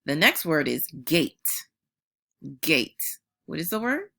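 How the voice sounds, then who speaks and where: Warm-hearted woman teacher, bright lively delivery, slow clear modeling of sounds for young kids. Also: sits low. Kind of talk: phonics lesson for young children.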